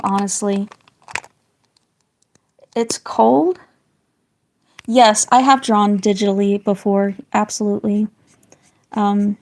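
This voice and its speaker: A slightly hoarse woman with a raspy voice, a parent chatting casually and rambling on a livestream while she colours, hedging her words as she goes. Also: medium pitch. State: slightly hoarse, getting sick. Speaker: livestreaming artist.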